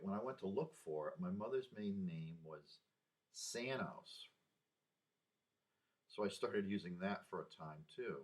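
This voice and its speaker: A man in his sixties talking through personal memories in a rambling, halting way, with sighs and restarts. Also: fairly low pitch. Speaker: vlogger. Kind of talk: casual personal monologue.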